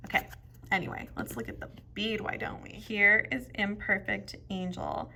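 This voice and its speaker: A woman's voice: mid-range voice, sing-song, normal speed, creaky, bright, forceful tone, a little hiss or hum. A woman showing off jewelry beads in a casual vlog, chatty and gushing, often dropping to a whisper. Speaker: jewelry bead reviewer. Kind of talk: casual show-and-tell vlog.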